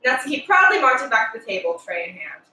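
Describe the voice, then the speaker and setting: A woman's voice: on the high side, sing-song, fast talker, sharp tone, slight background noise. A woman streamer reading game narration aloud with giggly, sarcastic asides, recorded far from the mic in an echoey room.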